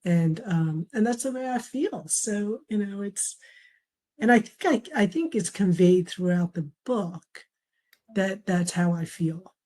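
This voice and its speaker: A middle-aged woman speaks as an interview guest, a memoir author recounting her family's reactions. Her voice is dark and mellow. She tells stories warmly, laughing as she quotes relatives. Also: mid-range voice, expressive, a little slow, poor audio. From raised in a traditional Chinese family. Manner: warm storytelling, quotes family members, laughs often. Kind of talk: conversational interview.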